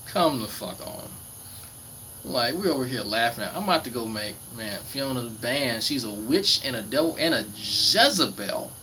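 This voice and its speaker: A man rants in a casual, profane, mocking way. His pitch swings widely as he talks. Faint night insects and ambience sit behind him at home. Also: bright, forceful tone, slight background noise, poor audio. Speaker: commentary host. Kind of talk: casual ranting commentary.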